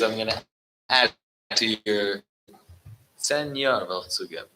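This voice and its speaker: A man speaking as a rabbi at a gathering, telling a story and mixing Yiddish into his English, animated when he quotes. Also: on the low side, slow pace, pauses often, a little hiss or hum, low-quality recording.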